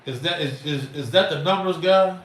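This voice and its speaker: On a casual livestream, a middle-aged man from Chicago holds forth in an emphatic, rambling, slangy manner. His voice sits on the high side and moves at a moderate pace. The recording has roomy echo and faint noise, with the mic far away.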